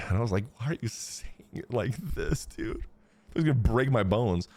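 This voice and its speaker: A man streaming live, telling chat a crude, animated story full of swearing. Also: mid-range voice, fast, no echo.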